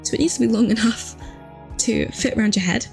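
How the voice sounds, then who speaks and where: A young woman chatting casually through a hair tutorial, upbeat and full of fillers, her voice still rough from just waking up. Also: a little high, brisk, darkish tone, soft background music. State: morning voice, just woken.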